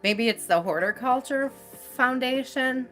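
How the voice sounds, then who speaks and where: A woman's voice: high voice, measured pace, fairly bright tone, faint music behind. A woman hosting a tarot live stream, chatting casually and effusively, laughing often and using lots of fillers.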